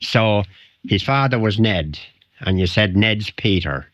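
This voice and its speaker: Older irish guy with a wicklow accent, lowish voice, rambling old stories, dull dry radio sound. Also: unhurried, fairly bright tone, no room sound. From Ireland. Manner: rambling anecdotal storyteller, chuckles often. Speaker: interview guest. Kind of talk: radio interview, storytelling. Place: radio studio. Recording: dry, dull 1990 radio studio recording.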